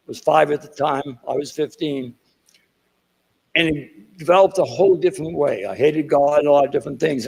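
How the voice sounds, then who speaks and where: Older boston guy rambling thru a keynote speech, husky voice kinda high, lots of side stories. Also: darkish tone, rough recording. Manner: digressive storyteller with asides and self-deprecating jokes. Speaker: keynote speaker. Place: conference hall.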